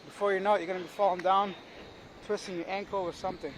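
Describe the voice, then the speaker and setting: A man's voice: high voice, level tone, fast. A young man, chatting casually to viewers as he walks the streets on a handheld camera vlog. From Canada. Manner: chatty, talks straight to viewers and to stray dogs. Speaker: travel vlogger. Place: outdoors on old city streets. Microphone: handheld camera while walking. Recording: outdoor street noise.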